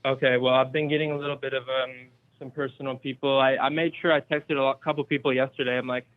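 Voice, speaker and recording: A man's voice: medium pitch, flat delivery, quick pace. A young man, a podcast guest, chatting hesitantly with many fillers. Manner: hesitant, lots of likes and ums. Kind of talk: casual chat. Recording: phone-like call audio.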